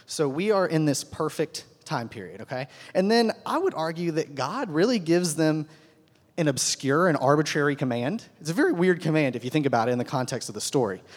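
With a slightly high, expressive voice and a fairly quick pace, a Bible teacher leads a group through a relaxed, conversational lesson. He keeps checking in by asking "right?", and his voice echoes with long hall reverb.

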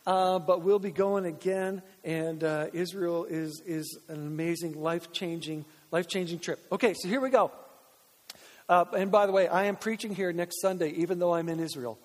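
A Canadian pastor with a high-pitched voice preaches at a normal speed in a church sanctuary, keeping things conversational with joking asides and bits of dialogue he acts out. The recording has church-hall reverb.

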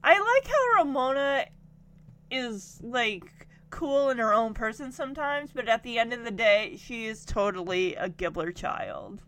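A woman's voice: on the high side, lively intonation, a little slow, fairly bright tone. A woman giving a chatty, giggly recap of a TV episode, quoting the characters as she goes. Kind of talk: casual recap commentary.

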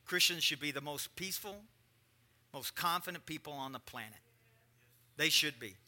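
A man's voice: on the high side, moderate pace, pauses often, sharp tone. A middle-aged man preaching a sermon as pastor, emphatic, with joking asides to the congregation.

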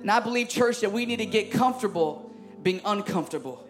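High-voiced man preaching fervently. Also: lively intonation, fast talker. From Chicago. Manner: fervent and emphatic, calls out to the crowd. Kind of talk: sermon. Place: church service. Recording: music playing behind. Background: music.

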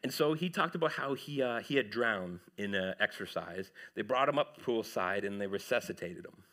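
A man, preaching a sermon in church, animated and swinging between loud and hushed. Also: on the low side, moderate pace. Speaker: pastor.

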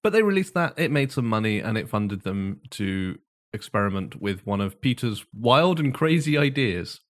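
A man's voice: on the low side, sing-song, normal speed. A man co-hosting a podcast, telling the story in a casual chat and often laughing as he goes. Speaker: podcast co-host.

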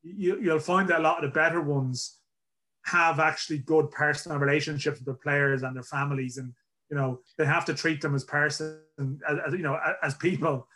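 Bright-voiced man hosting a podcast. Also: on the high side, fairly even intonation, a little fast. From Ireland. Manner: self-deprecating, rambling. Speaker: podcast host. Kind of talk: casual podcast chat.

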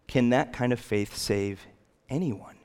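A male pastor preaching a sermon, animated, climbing to loud emphatic peaks and then dropping back down. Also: medium pitch, measured pace, smooth.

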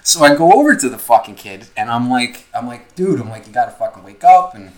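A man's voice: medium pitch, a little fast, low-quality recording. Profane young man telling a story. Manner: profane, animated storyteller, heavy filler words. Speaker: podcast co-host. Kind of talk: casual storytelling chat.

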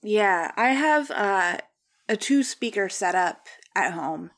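A woman's voice: medium pitch, lively intonation, slow, fairly bright tone. A young woman co-hosting a podcast, chatting enthusiastically about films. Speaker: podcast co-host. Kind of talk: casual film discussion.

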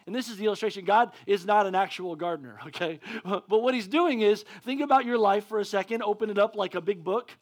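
A male preacher giving a sermon, excitable and often stumbling over restarts. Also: high-pitched, fast talker, hardly any pauses.

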